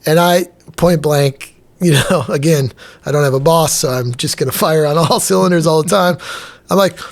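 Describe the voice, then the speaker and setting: A middle-aged man, a chef and restaurant owner, telling stories in a casual, lively way in a podcast interview and acting out what people said. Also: a little high, normal speed. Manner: animated, acts out quoted dialogue, casual.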